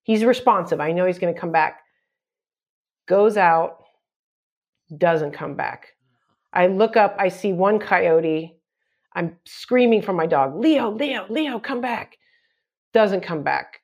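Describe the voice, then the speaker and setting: A middle-aged woman, a comedian guest, telling a story on a chat podcast with lots of acted-out shouts and quotes. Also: lowish voice, slow pace, pauses often.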